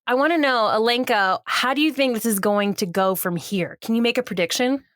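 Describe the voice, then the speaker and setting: A woman's voice: a little high, fairly quick, a bit bright, no echo, clean studio sound. A woman hosting a podcast in casual movie chat, recapping scenes with playful asides. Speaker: podcast host.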